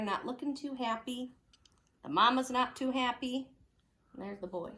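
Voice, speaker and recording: A woman teacher reading a picture book aloud at home, with lively, chatty asides for children. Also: fairly high pitch, echoey room. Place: home room.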